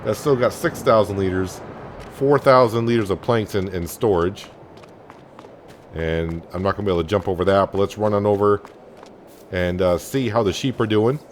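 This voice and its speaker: Male gaming host, lowish voice, easygoing let's-play commentary, faint game noise behind. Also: normal speed. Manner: relaxed, thinking aloud with many fillers.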